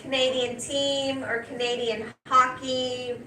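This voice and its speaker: A woman teacher, leading a class in a brisk, direct way and often checking in with "okay?". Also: high voice, little pitch movement, sharp tone. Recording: roomy and noisy classroom, picked up from a distance.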